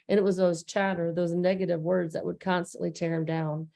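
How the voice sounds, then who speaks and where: A woman co-hosts a relaxed recap conversation with a gravelly edge in her voice. Her tone is warm and mellow rather than bright. She speaks earnestly and loosely, with lots of fillers and restarts. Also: on the low side, fairly quick, few pauses. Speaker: co-host. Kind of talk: casual recap chat.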